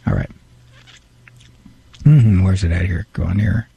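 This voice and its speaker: A man's voice: low-pitched, measured pace, vocal fry, dark tone, breathy edge, dry recording. A man hosting a radio talk show in a studio, chatting casually and reading listener emails aloud with a self-deprecating humor.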